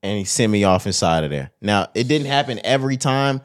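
A man co-hosting a podcast, talking casually in a blunt, profane, animated storytelling manner. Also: on the low side, a little fast. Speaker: podcast co-host. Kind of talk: casual chat.

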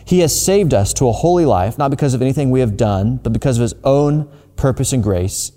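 A man preaching in a relaxed, conversational way, often doubling back on his words mid-sentence. His voice is mellow and dark, with a mid-range pitch, and it rings out with the long reverb of a large church hall. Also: brisk. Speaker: pastor. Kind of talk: sermon.

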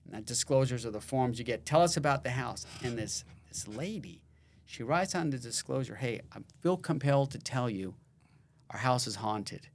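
A man's voice: medium pitch, expressive, normal speed, a little hiss or hum. Chatty man sharing stories. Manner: laughing, quoting people in stories. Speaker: podcast co-host, realtor. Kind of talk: casual storytelling chat.

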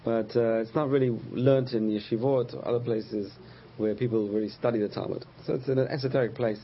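A man teaching a religious lesson, patiently explaining terms, repeating key words and pausing with frequent uh's. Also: medium pitch, steady tone, muffled recording, a little hiss or hum. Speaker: Torah teacher.

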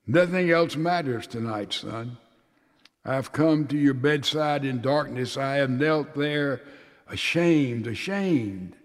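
A man preaching a sermon and reading a father's letter aloud in a slow, tender, emotional way that sinks to hushed tones. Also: mid-range voice. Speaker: pastor. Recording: long reverb of a large hall.

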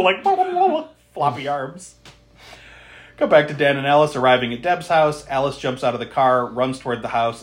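Man, podcast co-host, casual plot recap, lively pitch, laughs a lot, swears. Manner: laughs often, swears, animated retelling. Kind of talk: casual chat, retelling a horror movie plot.

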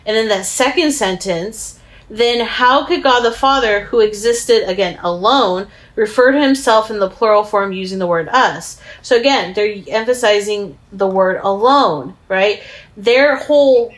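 Female co-host, measured and thoughtful, casual Bible talk. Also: medium pitch, rough recording. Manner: measured, reads verses slowly, thinks aloud.

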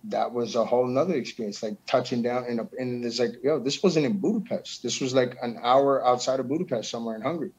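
A man's voice: medium pitch, quick pace, few pauses, darkish tone, slightly rough, highs cut off. A man talking casually about his music, loose and slangy, swearing and saying bro a lot. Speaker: musician guest. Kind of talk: casual chat.

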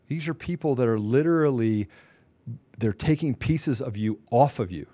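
A man's voice: medium pitch, moderate pace, dark tone, no echo. A man hosting a political talk show, delivering fervent, ranting commentary full of rhetorical questions.

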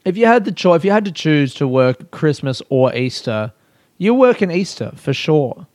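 A man's voice: a little high, very animated, moderate pace, darkish tone, no echo, clean studio sound. A young Australian man doing a rambling, profane, self-mocking comic monologue in casual chat. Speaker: comedian.

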